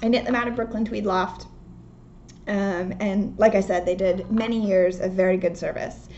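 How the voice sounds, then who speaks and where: A woman's voice: medium pitch, fairly even intonation, moderate pace, darkish tone, lo-fi sound. A young woman hosting a knitting podcast from home, chatting casually and rambling with lots of ums. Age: young adult. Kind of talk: casual chat. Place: home, indoors. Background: faint outdoor work noise.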